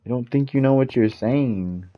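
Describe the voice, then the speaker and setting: A man rants on a casual game stream, frustrated and repeating himself as he vents. His voice sits in a middle pitch. The mic sounds a little dull and lo-fi. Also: moderate pace. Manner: frustrated ranting, repetitive, swears mildly. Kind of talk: casual gaming stream rant.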